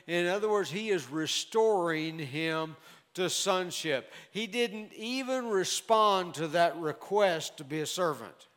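Male preacher, high voice, measured emphatic sermon delivery, long hall reverb. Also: expressive, fairly bright tone. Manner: measured, emphatic Bible exposition.

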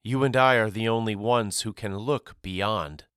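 A man's voice: fairly low pitch, unhurried, a bit bright, clean tone, dry recording, studio quality. A man reading as a grieving mother. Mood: somber. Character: grieving adult mother, sorrowful and guarded. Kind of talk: audiobook character reading.

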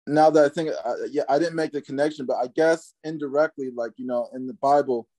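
A man co-hosting a casual podcast, agreeable and easygoing, pausing and restarting as he thinks. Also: fairly high pitch, steady tone, mellow. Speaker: podcast co-host. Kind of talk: casual chat.

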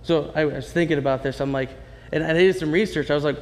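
A man delivers a sermon in a chatty, animated style and often turns to the congregation with asides. His voice sits a little high for a man. The sound carries the long reverb of a large hall. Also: racing, few pauses. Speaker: pastor.

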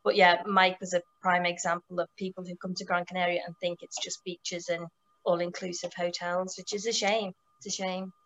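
A woman's voice: fairly low pitch, flat delivery, normal speed, fairly bright tone, poor audio. Enthusiastic woman telling riding stories. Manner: enthusiastic, many restarts and fillers. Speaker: motorcycle tour operator. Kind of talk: casual storytelling.

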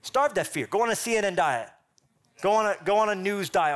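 A man preaching a sermon as pastor, punchy and animated, with quick asides and jokes. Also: high-pitched.

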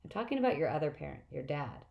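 A woman's voice: sits low, big pitch swings, fast talker, gravelly, muffled recording, heavily acted. A woman reading aloud, voicing a clever, earnest teenage girl who patiently explains things.

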